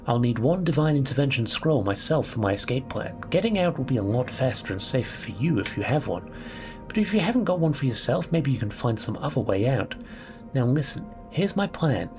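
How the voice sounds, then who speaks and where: A man reading a woman's calm escape plan. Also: mid-range voice, lightly acted.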